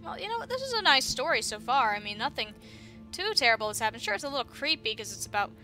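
A woman's voice: high-pitched, sing-song, quick pace, pushed and bright, faint music behind. A young woman giving casual, chatty commentary while playing a horror game, with laughing asides. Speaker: gamer. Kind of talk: casual let's-play commentary.

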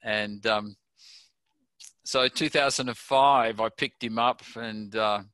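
A man's voice: lowish voice, fairly even intonation, takes it slowly, a bit bright, clean tone, no room sound. An older Australian man being interviewed, telling a chatty anecdote and chuckling at his own story. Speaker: interview guest.

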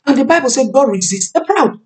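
A woman in her thirties preaching a sermon on marriage, emphatic, repeating key phrases and slowing down to stress words. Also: high voice, animated, a little mellow. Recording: voice a bit far from the mic.

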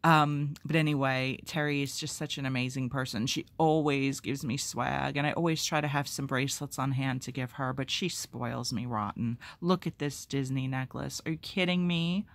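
Excitable woman rambling to her phone cam at home, casual vlog chat, pokes fun at herself. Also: extremely low pitch, moderate pace, hardly any pauses. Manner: self-deprecating humor. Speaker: vlogger opening fan mail. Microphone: phone camera.

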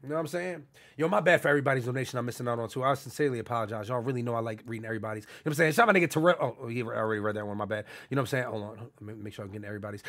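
A young man from New York talks quickly and casually on a live stream, shouting out donors in street slang. His voice is gravelly and forceful, with a rough, raspy edge, and sits a little high for a man. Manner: loud, hyped shout-outs to donors in heavy street slang. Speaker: livestreamer. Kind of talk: casual livestream chat reading out donations.

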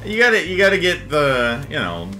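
Guy streaming a shooter, super bright sharp voice, cussing lots, faint game music. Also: on the high side, normal speed. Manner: animated, swears freely. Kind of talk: casual gaming chat.

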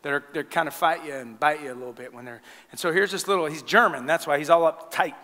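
A man preaches a sermon, telling stories with lively energy and laughing along. His voice is bright and a touch high. It rings with a long reverb in a church sanctuary. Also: fast. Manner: animated storytelling, laughing at his own stories. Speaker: pastor.

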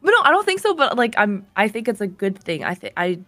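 A woman's voice: mid-range voice, fast talker, dry recording. A young woman chatting casually and teasing her friend while teaching him words, laughing often. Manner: teasing, giggly, animated teacher. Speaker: language teacher in the chat. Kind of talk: casual chat.

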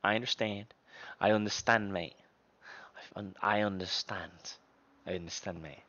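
A man's voice: lowish voice, fairly even intonation, normal speed, sharp tone, muffled recording. A man in his twenties streaming live, chatting playfully and thanking viewers by name. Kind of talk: casual stream chat.

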